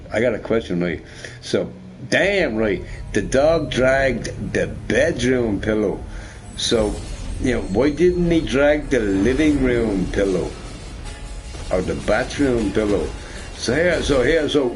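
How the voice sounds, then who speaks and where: A man's voice: mid-range voice, a little hiss or hum. A man streaming a game, chatting casually with viewers in a rambling, profane, joking way.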